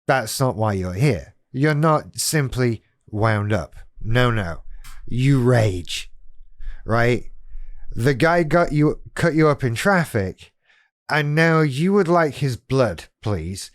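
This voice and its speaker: A man's voice: medium pitch, lively intonation, takes it slowly, no room sound, clean studio sound. A man hosting his own channel, talking straight to the viewer in a wry, self-deprecating way. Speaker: YouTube channel host on living with BPD. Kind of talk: casual direct-to-camera talk.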